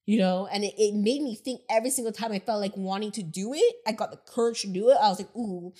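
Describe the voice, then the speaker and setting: A chatty woman co-hosting a relaxed podcast conversation. Her voice is a bit squeaky, and she laughs often and pokes fun at herself. Her pitch sits right in the middle. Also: fast, husky. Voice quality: somewhat squeaky voice. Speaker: podcast co-host. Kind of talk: casual podcast chat.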